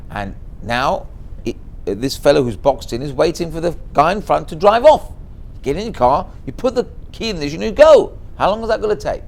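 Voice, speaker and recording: A middle-aged man giving a Torah lesson as a rabbi, telling a story in a lively way and mixing in Hebrew and Yiddish words. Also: fairly high pitch, gravelly, slight background noise.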